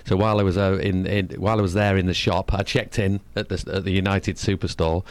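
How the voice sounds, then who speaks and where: A man from England with a Manchester accent, a musician guest talking quickly and eagerly in a casual interview. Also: low voice, flat delivery, no room sound. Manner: quick, eager, tends to rush.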